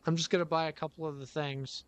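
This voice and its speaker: A man streaming a driving game live, rambling in casual commentary, sarcastic and quick to swear. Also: on the high side, little pitch movement, slight background noise, poor audio.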